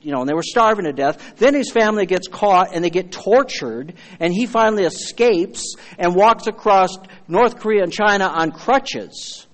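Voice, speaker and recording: A man's voice: high voice, expressive, moderate pace, hardly any pauses, a bit bright, in a large hall. A man preaching a sermon as pastor, fervent and emphatic, calling out to his congregation.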